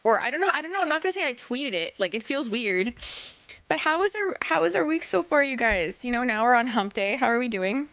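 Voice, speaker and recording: Bubbly high-voiced woman streamer, sniffly. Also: big pitch swings, fairly quick, fairly bright tone, no echo, lo-fi sound. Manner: bubbly, apologetic, swears freely. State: sniffly from sinus trouble. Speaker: game streamer. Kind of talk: casual live-stream chat.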